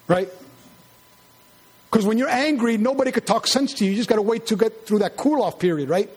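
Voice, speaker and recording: Animated preacher, husky high voice. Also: male voice, fairly quick. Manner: animated, with high mocking voices for quoted arguments. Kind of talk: sermon.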